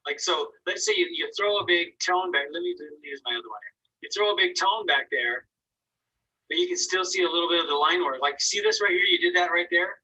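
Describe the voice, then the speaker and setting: A man's voice: sits high, lively intonation, brisk, pushed and bright, breathy edge, distant mic, rough recording. A man teaching an online painting class, giving casual, encouraging critiques of students' work and thinking aloud as he goes. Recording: voice from away from the mic.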